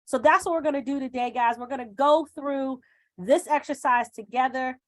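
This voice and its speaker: A woman's voice: sits high, moderate pace. A woman coaching a live online group through a guided self-confidence exercise, coaxing and repeating phrases for emphasis over a video call.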